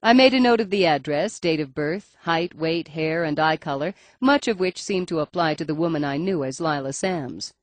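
A woman's voice: sits low, normal speed, hardly any pauses, dry recording. A woman reading a first-person audiobook in a wry, dry storytelling manner. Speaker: audiobook narrator.

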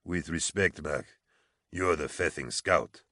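Hushed, uneasy sergeant major, read by the narrator; dry and low. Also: male voice, slow, no room sound, full character voice. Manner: quiet, strained. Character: anxious older male sergeant major.

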